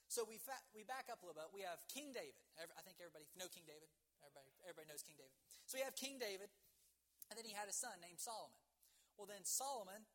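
Storytelling preacher man. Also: high-pitched. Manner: storytelling with sudden loud emphasis and hushed asides. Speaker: pastor. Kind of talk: sermon.

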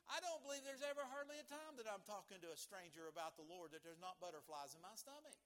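A man preaching a sermon as pastor, emphatic and building to loud bursts, with frequent restarts. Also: sits high.

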